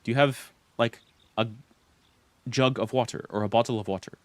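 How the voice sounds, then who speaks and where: A man's voice: mid-range voice, steady tone, normal speed, no room sound, close to an everyday voice. A man voicing a prim, proper British male ballet instructor with a British accent, asking politely. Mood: polite, urgent.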